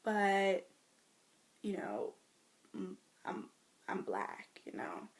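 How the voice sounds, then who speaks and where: A young American woman, talking casually to camera about her life, swinging between loud mimicry and near whispers. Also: extremely slow. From United States. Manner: animated storytelling, mimics others in loud high voices, drops to near whispers. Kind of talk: casual vlog rant. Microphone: phone or webcam.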